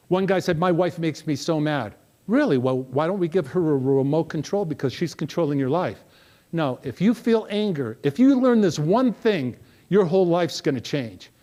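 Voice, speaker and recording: A middle-aged man giving a live motivational keynote, telling stories animatedly and asking the audience questions. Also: a little high. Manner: animated storytelling, asks the crowd questions. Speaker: motivational speaker.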